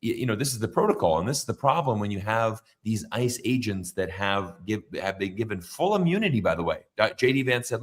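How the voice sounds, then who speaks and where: A man's voice: on the low side, animated, brisk, hardly any pauses. A man hosting a political livestream, talking in a rambling, emphatic way with many fillers and restarts. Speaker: livestream host. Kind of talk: casual political livestream chat.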